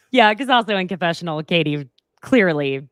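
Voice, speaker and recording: A young woman hosting a casual recap chat, talking quickly with sarcastic asides and frequent laughs. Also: fairly low pitch, animated, no room sound, studio quality. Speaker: podcast host.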